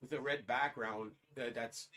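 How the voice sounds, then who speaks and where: A man's voice: medium pitch, fairly even intonation, a little slow, bright, forceful tone, recorded from a distance. A man hosting a casual livestream, rambling and talking straight to his chat as "guys". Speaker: livestream host. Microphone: streaming setup.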